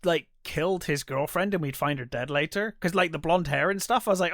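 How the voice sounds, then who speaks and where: A man co-hosting a podcast, casually retelling a movie's scenes and acting out quick quotes from the characters, with the odd swear. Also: a little high, fairly bright tone, dry recording, clean studio sound. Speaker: podcast co-host. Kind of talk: casual film recap chat.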